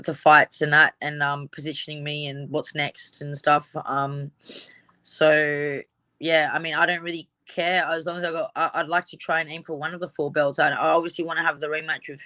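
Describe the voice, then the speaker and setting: Woman guest, bright forceful voice, frank chatty boxer, dry sound. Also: sits low, no echo. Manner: chatty, lots of fillers, blunt and frank. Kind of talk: casual interview chat.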